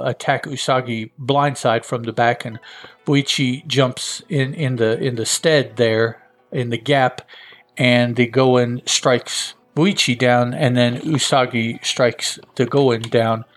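A man hosting a show, casually retelling a comic book issue scene by scene with frequent hesitations. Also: medium pitch. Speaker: host.

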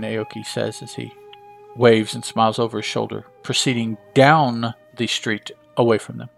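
A man's voice: mid-range voice, level tone, moderate pace, vocal fry, soft background music. A man casually reading a comic book aloud, adding chatty asides and fillers.

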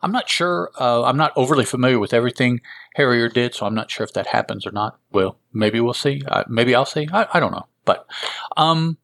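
A man's voice: medium pitch, fairly quick, gravelly, a bit bright, no echo. A man hosting a casual comic book review, rambling and correcting himself as he goes. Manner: rambling, with fillers and self-corrections. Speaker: host.

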